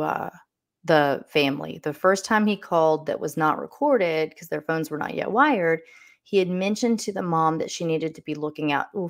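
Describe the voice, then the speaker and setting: Low-voiced woman telling a crime story. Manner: conversational, meandering with restarts. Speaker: podcast host. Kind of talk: casual true-crime storytelling.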